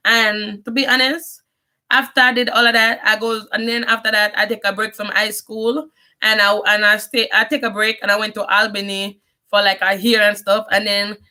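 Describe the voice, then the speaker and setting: A woman's voice: medium pitch, flat delivery, normal speed, pushed and bright. A young Jamaican woman with a strong Jamaican accent, telling her life story in a casual, rambling vlog, mixing in patois and often restarting her sentences. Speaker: vlogger.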